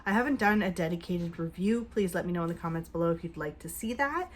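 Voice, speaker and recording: A woman vlogging a casual makeup review at home, chatty and upbeat, with hushed asides while she applies. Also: fairly low pitch, expressive, fast. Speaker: beauty vlogger.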